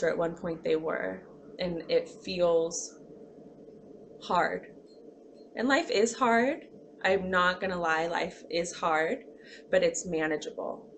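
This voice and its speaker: Woman lecturer, gravelly fry, expressive and demonstrative delivery. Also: lowish voice, slight background noise. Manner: expressive, acts out examples, sighs and groans. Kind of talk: classroom lecture.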